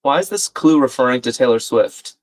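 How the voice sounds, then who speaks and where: An expressive, fairly quick medium-pitched voice belongs to a man hosting live crossword solving. He keeps things casual, voicing his thoughts and relaying viewer comments.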